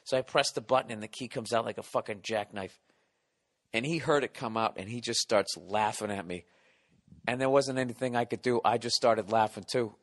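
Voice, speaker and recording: A man's voice: on the high side, a bit bright, big-room sound. A middle-aged man hosting a podcast, telling a comic story in a profane, exasperated rant. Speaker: podcast host.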